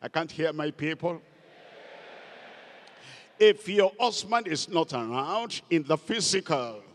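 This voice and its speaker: A man preaching a sermon as pastor, emphatic and repeating key words for stress. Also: sits high. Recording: long hall reverb.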